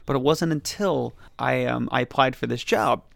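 Man, late 30s, drops g's, gravelly, dry close sound. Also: medium pitch, normal speed, no echo. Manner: drops the g's in words ending in -ing; animated, exasperated storytelling. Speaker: podcast co-host. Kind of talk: casual chat.

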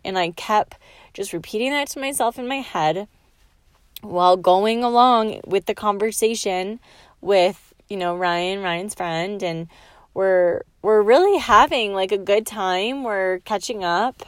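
A woman's voice: medium pitch, clear, resonant tone, dry recording. Young woman, podcast host, chatty, lots of fillers, dry close sound. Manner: soft, slow and soothing in the meditation, quietly whispering at times; chatty and animated, with many "like" fillers. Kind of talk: guided relaxation, then casual storytelling.

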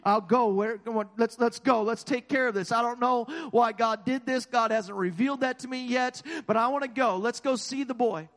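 A preacher as an earnest old prophet. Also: male voice, very high-pitched, normal speed, few pauses, a bit bright. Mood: urgent. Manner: earnest, urgent, pleading prayer. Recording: long hall reverb.

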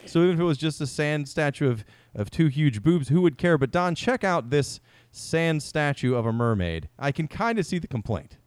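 A man's voice: a little high, sing-song, normal speed, no room sound. A man co-hosting a casual podcast, rambling and self-mocking, often restarting his sentences. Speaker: podcast co-host. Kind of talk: casual chat.

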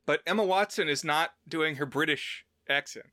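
A man co-hosting a podcast, chatting casually about films, playful and quick to mimic accents in short bits. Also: on the high side, pushed and bright, dry recording, clean studio sound. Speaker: podcast co-host. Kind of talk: casual chat.

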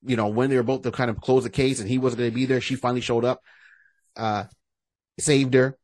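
A man co-hosting a podcast in casual chat, retelling stories in an animated way and acting out the scenes. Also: medium pitch, brisk, no room sound. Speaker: podcast co-host.

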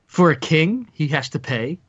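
A man voicing a gruff male half-orc who defends his king. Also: on the high side, big pitch swings, moderate pace. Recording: dull lo-fi mic.

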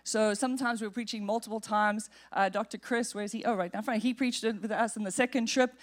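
A woman pastor with a slightly high voice, preaching from a church stage. She tells a personal story with humor and lively energy, speaking into a stage microphone. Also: a little fast. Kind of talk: storytelling sermon. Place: church sanctuary.

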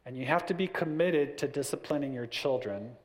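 A man's voice: mid-range voice, a little fast. A middle-aged man talking casually about raising children, acting out little family scenes as he goes. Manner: animated, acts out little scenes with family voices. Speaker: parent giving parenting advice. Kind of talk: casual talk.

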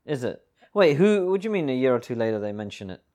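A man's voice: medium pitch, sing-song, fast, mellow. A man as guest co-host, chatting in laid-back, swear-laced banter over a film. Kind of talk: casual film commentary.

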